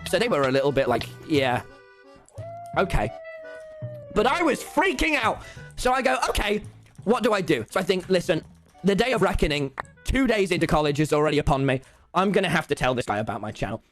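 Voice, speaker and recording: A young British man telling a story on his stream, excitable and swearing often, acting out both sides of each exchange. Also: a little high, brisk, pauses often, faint music behind. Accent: British English. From England. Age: young adult.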